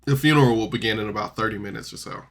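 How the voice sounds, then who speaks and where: A man recapping a tabletop game podcast episode in a loose, rambling way, jumping between loud outbursts and mumbled asides. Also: lowish voice, rapid-fire, vocal fry. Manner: rambling, loose, full of "like" and restarts. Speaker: podcast reviewer. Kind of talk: casual recap and commentary.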